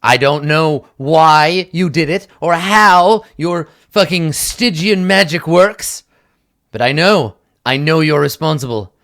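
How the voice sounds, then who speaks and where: A man voicing a spiteful male court jester who holds a crossbow and talks in a slow, sneering way. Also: on the high side, a bit bright. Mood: menacing.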